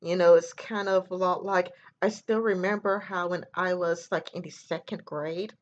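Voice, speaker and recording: A woman's voice: fairly low pitch, fairly even intonation, moderate pace, lo-fi sound. A woman talking straight to camera in a casual opinion monologue, rambling and earnest, with lots of "you know" and "like". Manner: earnest, lecturing. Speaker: vlogger.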